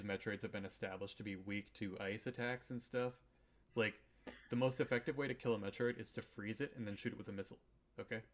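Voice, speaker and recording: A man hosting a podcast, casually recapping a game's story in a rambling, irreverent way, with lots of swearing and filler words. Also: fairly low pitch. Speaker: podcast host. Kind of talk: casual chat recapping a video game.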